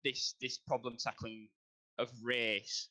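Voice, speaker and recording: A young Englishman on a casual podcast with a middle-pitched voice. He talks with plenty of ums and restarts and works himself up into blunt ranting. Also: little pitch movement, slow pace, pushed and bright. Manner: builds into heated ranting with hesitant fillers. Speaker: podcast co-host. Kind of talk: casual chat.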